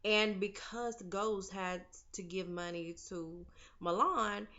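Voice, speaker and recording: A woman's voice: mid-range voice, takes it slowly, pushed and bright, highs cut off. A woman casually recapping a TV episode, opinionated and chatty, talking straight to her viewers as "y'all" and "honey". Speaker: TV recap vlogger.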